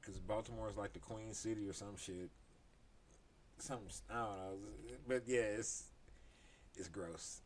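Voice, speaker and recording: Laid-back man, low voice. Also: fairly even intonation, measured pace, pauses often, slight background noise. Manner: laid-back, slips into goofy impressions. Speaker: podcast co-host. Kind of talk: casual sports banter.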